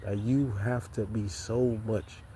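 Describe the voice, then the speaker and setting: Heated man ranting with a mellow voice. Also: on the low side, steady tone, slow, slight background noise. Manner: heated, repetitive, stammers and restarts. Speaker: vlogger. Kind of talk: impassioned profane monologue.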